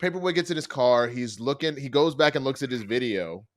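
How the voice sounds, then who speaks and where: A man's voice: medium pitch, fairly quick. A man casually recapping a TV episode, acting out the characters' lines as he tells it. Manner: animated retelling with quoted character lines and laughs. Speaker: TV critic.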